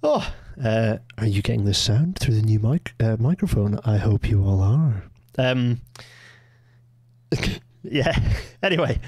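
A man hosting a casual live stream, rambling with quick asides and restarts. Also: mid-range voice, no room sound, clean studio sound. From Scotland. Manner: rambling, self-interrupting, quick asides with laughs. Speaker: livestream host.

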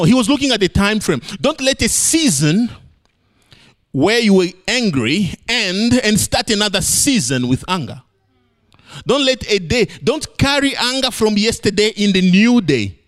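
A man preaching a sermon, playful and animated, swinging between high exclamations and low emphatic lines.

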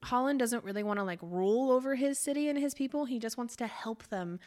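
A woman's voice: a little high, quick pace. A woman co-hosting a book podcast, chatting casually and animatedly as she retells a novel's plot, full of "like" fillers. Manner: animated, laughs often, many "like" fillers.

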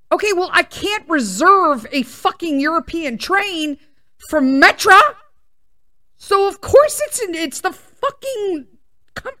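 Woman ranting thru a story, swears a lot, kinda high voice, does the other people's voices. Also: lively intonation, slow pace, pushed and bright. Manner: profane, exasperated, acts out quoted voices. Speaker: podcast host. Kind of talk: casual storytelling chat.

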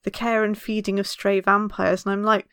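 A woman talks casually as a podcast co-host. She is chatty and laughs often, and she tells stories with animated energy. Her voice sits at a middle pitch, and the recording is dry and close. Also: moderate pace, smooth, dry recording. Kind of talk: casual chat.

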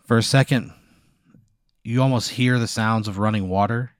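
A man narrating an improvised story as game master, with vivid, deadpan description. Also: lowish voice, normal speed, no room sound, clean studio sound.

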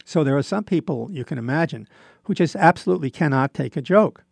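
Gravelly older man hosting radio. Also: fairly high pitch, animated, a little fast, darkish tone, no room sound, studio quality. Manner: rambling, with many fillers and restarts. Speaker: radio show host. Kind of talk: casual monologue.

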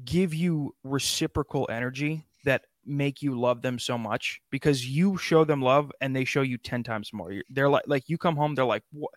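A man hosting a casual chat, animated and profane, acting out bits in his jokes. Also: mid-range voice, moderate pace, few pauses, no echo, clean studio sound. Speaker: podcast host.

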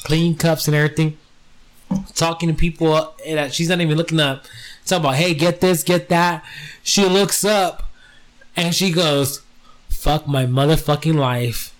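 A man on a casual podcast spins a long story with lots of swearing, slipping into the voices of the people in it. His voice sits a little high for a man. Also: normal speed. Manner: profane, animated storyteller acting out quoted voices. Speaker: podcast co-host.

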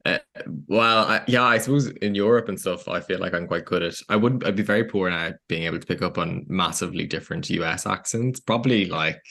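A man with a Dublin Irish accent answers interview questions in a measured, explanatory way. His voice is low and gravelly, with a bright, forceful edge. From Ireland. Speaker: guest, CEO of a nonprofit.

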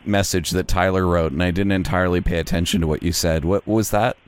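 A man making prank phone calls, delivering absurd lines in a deadpan way. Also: deep voice, fast talker, clear, resonant tone. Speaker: prank caller, podcast host.

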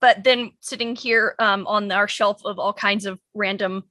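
A woman with a bright, crisp voice chats cheerfully on a podcast and giggles now and then. The sound is close and dry. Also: mid-range voice, steady tone, measured pace, no echo. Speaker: podcast co-host. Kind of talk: casual podcast chat.

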